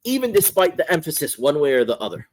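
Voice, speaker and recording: A man's voice: a little high, big pitch swings, quick pace, slight background noise, poor audio. A man explaining a religious text as a teacher, thinking aloud, often repeating and restarting words as he goes. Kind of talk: explaining a theology text in a class.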